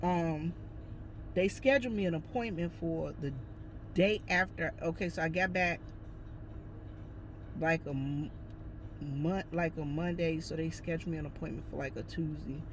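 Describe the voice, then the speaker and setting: A woman's voice: low voice, normal speed, pauses often, slight background noise. A woman telling a personal story in a casual, chatty way, talking straight to her viewers. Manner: chatty, addresses viewers as y'all, lively retelling. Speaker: vlogger.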